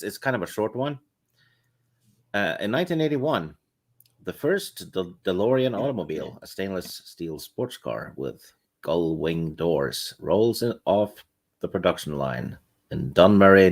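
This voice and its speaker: A man from Norway whose first language is Norwegian, co-hosting a podcast. He speaks in a dry, low-key way with brief remarks. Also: animated, unhurried. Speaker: podcast co-host. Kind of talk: casual chat.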